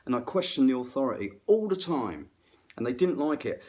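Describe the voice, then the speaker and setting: A man's voice: mid-range voice, very animated, brisk, a little mellow. A middle-aged man, a musician, ranting unrehearsed between bits of playing, rambling, self-deprecating and swearing freely. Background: faint guitar playing.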